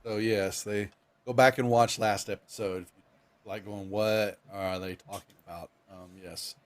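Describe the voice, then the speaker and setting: A man's voice: fairly low pitch, steady tone, measured pace. Game master type, male, easygoing and rambling, pokes fun at himself. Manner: rambling, laid-back, self-deprecating. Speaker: dungeon master.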